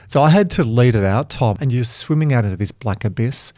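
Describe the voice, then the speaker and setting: A man's voice: medium pitch, fairly quick, few pauses, no room sound. A male podcast host with a mid-range voice tells stories with plenty of life, and he swears freely along the way. The sound is dry and close, with no room around him. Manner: lively storyteller who swears freely. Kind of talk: casual conversational interview.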